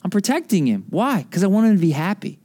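A man in his thirties preaching a sermon as pastor, conversational and animated, telling stories between scripture. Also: high voice, fast.

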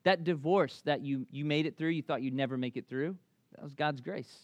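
A pastor from Memphis, Tennessee, in his thirties, preaches a story-rich, conversational sermon with a thick Southern accent and a voice on the high side. He tells stories animatedly with rapid restarts, and the dry recording has its highs cut off.

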